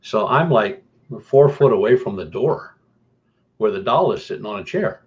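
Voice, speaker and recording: A man telling a story as a guest, with an animated delivery that jumps higher for emphasis. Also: normal speed, muffled recording. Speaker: guest paranormal investigator. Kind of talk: casual storytelling.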